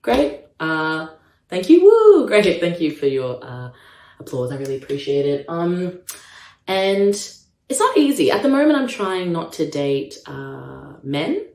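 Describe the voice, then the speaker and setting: A young Australian woman doing a stand-up comedy set, self-mocking with deadpan asides. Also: low voice, measured pace, creaky, echoey room. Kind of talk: stand-up comedy set, live-streamed from home.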